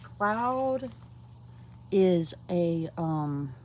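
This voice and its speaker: Very slowly and in a fairly low, slightly mellow yet animated voice, a woman livestreams while feeding her backyard chickens outside at night. She chats casually, coos to the birds and occasionally whispers, with crickets, insects and a little hiss or hum behind her.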